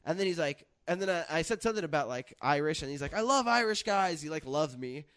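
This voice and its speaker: A man's voice: fairly high pitch, quick pace. A young man hosting a casual chat, telling a story with lots of swearing and acted-out quotes. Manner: animated, profane, acts out quotes. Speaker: podcast host.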